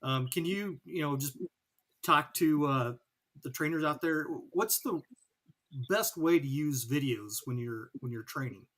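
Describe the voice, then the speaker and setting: Higher-voiced male host asking questions. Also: lively intonation, unhurried, fairly bright tone. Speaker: interview host.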